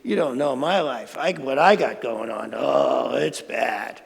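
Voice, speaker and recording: A man's voice: medium pitch, a little slow, creaky, pitched below the performer's own voice. A man doing a mopey, self-pitying complainer. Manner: mopey, whining. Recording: reverberant hall.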